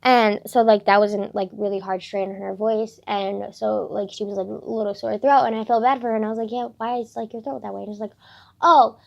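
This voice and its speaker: A woman's voice: mid-range voice, fairly even intonation, brisk, vocal fry, hardly any pauses, darkish tone. A teenage girl vlogging casually, rambling with lots of "like" fillers and swearing as she vents about her day. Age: teens. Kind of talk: casual diary vlog. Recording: dull lo-fi recording.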